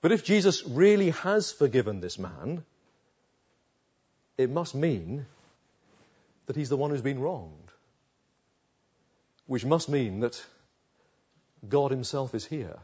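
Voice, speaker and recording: Man, preacher, husky voice, storytelling sermon, rhetorical questions, dull lo-fi sound. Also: medium pitch, sing-song, takes it slowly, pauses often, darkish tone. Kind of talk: sermon expounding a Bible passage.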